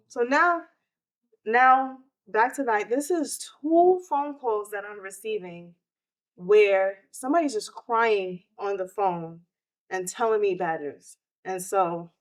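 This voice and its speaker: A woman, hosting a podcast and telling a personal story of grief in an emotional, animated way. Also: medium pitch. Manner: emotional, animated retelling with quoted outbursts. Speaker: podcast host.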